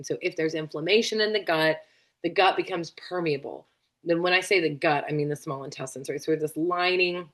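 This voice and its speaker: A woman's voice: on the low side, fairly bright tone. A woman practitioner giving a casual explanatory lesson, chatty, with lots of fillers and asides, sounding a bit tired. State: tired, yawning. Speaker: functional medicine practitioner.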